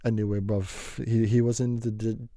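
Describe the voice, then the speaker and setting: Mellow young man rambling through a story. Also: on the low side, little pitch movement, unhurried, no echo, clean studio sound. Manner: slangy, meandering, repeats himself. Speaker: vlogger telling a story.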